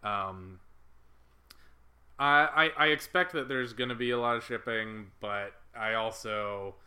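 Bright-voiced hesitant male podcast co-host. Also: medium pitch, measured pace. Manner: hesitant, thoughtful, many "um"s and restarts. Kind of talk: casual chat.

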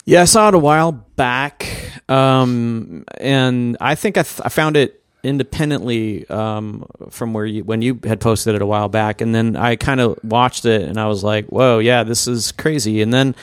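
A man's voice: medium pitch, moderate pace, hardly any pauses, smooth, dry recording, studio quality. A man co-hosting a podcast in casual chat, hesitant and full of fillers. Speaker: podcast co-host.

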